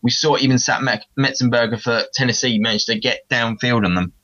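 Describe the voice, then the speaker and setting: A man from England, a podcast host, chatting casually about football, animated and talking straight to the teams, with whispered asides. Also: mid-range voice, a little fast, lo-fi sound. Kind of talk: casual sports chat.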